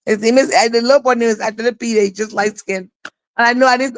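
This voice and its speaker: A woman's voice: fairly high pitch, steady tone, fast, dry recording, low-quality recording. A woman co-hosting a live online talk show, telling a story in an emotional, rambling way. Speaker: co-host.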